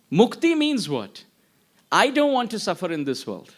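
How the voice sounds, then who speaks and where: A man giving a devotional lecture in a high, expressive voice. He tells stories, acts out the voices in them, and chants Sanskrit verses in between. His pitch jumps and swoops, which keeps the talk animated. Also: normal speed. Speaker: preacher.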